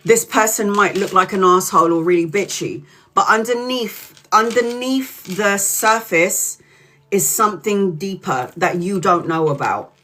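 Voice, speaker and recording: A woman's voice: medium pitch, fairly bright tone, a little hiss or hum. Blunt, profane woman tarot reader. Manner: drawls key words slowly for emphasis. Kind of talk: casual live-stream tarot reading.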